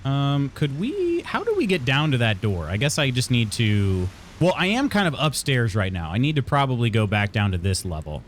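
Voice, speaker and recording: Lively chatty man streaming a game. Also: medium pitch, normal speed, hardly any pauses, a little hiss or hum. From Illinois. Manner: chatty, laughs often, reads chat aloud. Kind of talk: casual gameplay chat.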